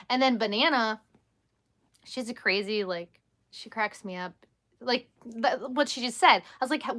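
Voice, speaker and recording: A woman's voice: mid-range voice, fairly bright tone. A woman in her thirties chatting casually on a late-night livestream from home, laughing often as she answers viewers' questions. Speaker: livestream host. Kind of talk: casual live chat with viewers.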